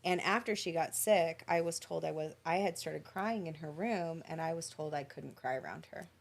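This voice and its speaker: A woman's voice: low voice, normal speed, gravelly. A woman, a podcast guest, telling an emotional personal story in an earnest, reflective way. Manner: earnest, reflective, tells stories in detail.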